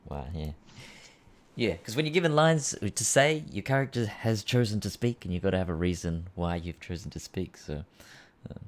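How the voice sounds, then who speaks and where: Very low-voiced young male host. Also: expressive, normal speed. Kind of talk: interview talk. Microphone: video call from home.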